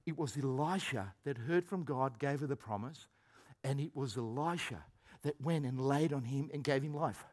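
A man preaching a sermon as pastor, animated, acting out quoted voices and swinging between shouted lines and low asides. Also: moderate pace.

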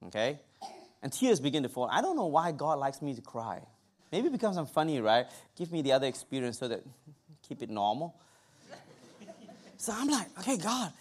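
A man's voice: mid-range voice, fairly quick. A man preaching a sermon, telling a personal story with humor and asides to his congregation. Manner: humorous, animated testimony with asides to the audience.

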